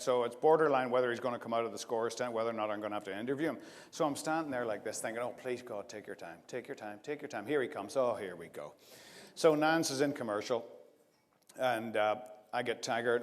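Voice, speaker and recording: A man giving an after-dinner speech, telling a rambling anecdote and breaking into laughter as he goes. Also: mid-range voice. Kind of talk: storytelling speech to a live audience. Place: large event hall. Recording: long hall reverb.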